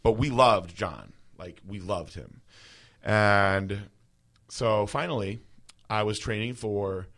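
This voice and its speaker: Low-voiced man telling a rambling story. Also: slow, fairly bright tone. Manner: rambling, filler-heavy, emotional storytelling. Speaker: podcast host. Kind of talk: casual storytelling.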